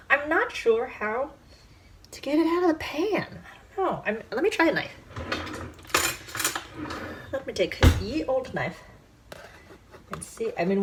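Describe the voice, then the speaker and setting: A woman hosting a casual cooking show from her home kitchen, talking chattily and excitably to viewers as she works through each step. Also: fairly high pitch. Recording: background noise and clicks.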